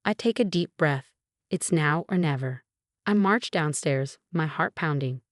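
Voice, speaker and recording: A woman in her twenties narrates a first-person story at an even, measured pace. Her voice sits a little low. It sounds dry and close to the mic. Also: no echo. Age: 20s.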